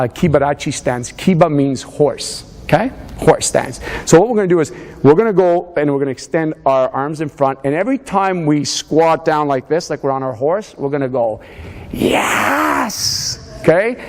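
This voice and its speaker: Man, fitness coach, motivational seminar, energetic, urging, higher voice, reverberant hall. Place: hall with a live audience.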